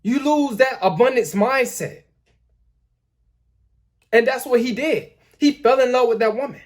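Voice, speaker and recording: A man's voice: extremely high pitch, measured pace. A man hosting a dating-advice talk, lecturing emphatically, repeating his points and addressing his viewers as guys. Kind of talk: lecturing commentary.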